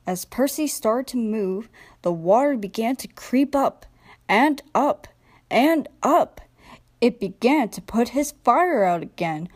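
A young woman narrating a children's train storybook in a gentle, expressive read-aloud manner. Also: on the high side, unhurried. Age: young adult. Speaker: storybook reader.

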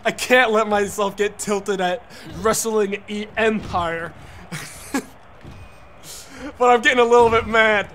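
A young man streaming a wrestling game, frustrated and profane, yelling at the referee between muttered plans. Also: sits high, steady tone, slow, pauses often, a little hiss or hum. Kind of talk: gaming commentary.

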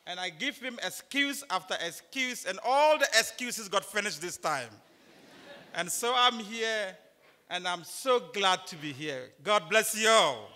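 A man's voice: high voice, bright, forceful tone. A man from northern Ghana with a Ghanaian accent, speaking emphatically at a chapel conference, repeating key points and joking with the students. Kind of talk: preaching lecture to students. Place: large chapel. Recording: long chapel reverb.

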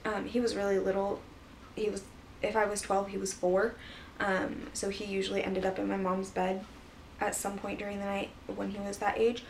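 A woman vlogger casually retells a personal story in a rambling way, packed with fillers and restarts. Her creaky, mid-pitched voice stays monotone at a moderate pace. She sits a little back from the mic, and the poor audio carries a faint background hiss.

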